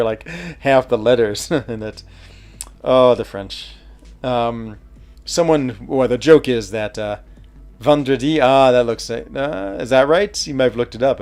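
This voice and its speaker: Streaming a mobile game, a man chats casually, thinking out loud, responding to chat, and laughing easily. His voice is medium-pitched and creaky, and the talk is relaxed live gameplay commentary.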